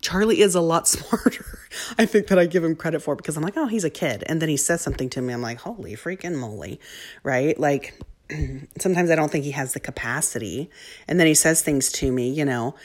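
Low-voiced woman telling a story. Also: fairly quick. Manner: animated, drops to soft near-whispers. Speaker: mother telling a parenting story. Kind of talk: casual storytelling monologue.

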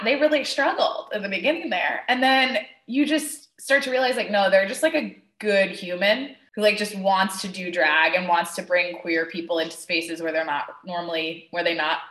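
A woman hosting a loose, chatty podcast, laughing at her own stumbles. Her voice is bright, and the room around her rings with echo. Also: medium pitch. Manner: chatty, laughing, self-correcting. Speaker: podcast host. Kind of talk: casual chat.

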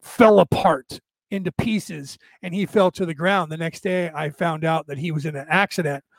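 Man with a high voice, host chatting to viewers, rambling and casual, dry close sound. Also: normal speed, gravelly, no room sound. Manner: rambling, with frequent "right?" check-ins. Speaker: spiritual talk host answering viewers. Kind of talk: casual storytelling and explanation.

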